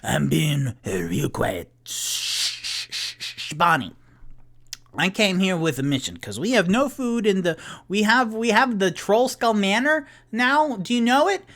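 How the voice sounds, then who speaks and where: Tipsy, a loud drunk brute. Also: male voice, high-pitched, big pitch swings, measured pace, creaky, voice pushed up, heavily acted. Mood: boisterous. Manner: loud, exaggerated, sing-song, talks of himself in third person. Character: loud drunk male adventurer with elephant ears. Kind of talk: solo tabletop role-play voicing.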